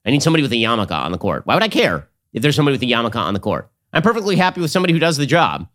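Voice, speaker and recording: A man's voice: medium pitch, huge pitch swings, a bit bright. A man hosting a political commentary show, talking in a sarcastic, combative monologue. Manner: sarcastic, rapid-fire, combative.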